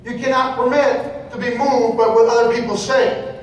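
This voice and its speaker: A man's voice: very high-pitched, level tone, normal speed, highs cut off. A man giving a motivational seminar talk, preachy and repetitive, firing questions at the audience. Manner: preachy, repeats phrases, asks the audience questions. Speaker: motivational speaker. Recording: echoey hall, voice from far off, faint noise.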